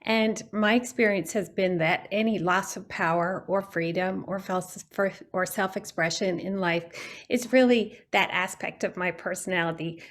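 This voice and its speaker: A woman's voice: fairly low pitch, fairly even intonation, moderate pace. A woman giving an earnest, reflective talk on self-care in an online meeting, often restarting her phrases as she thinks. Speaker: guest speaker. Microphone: video call.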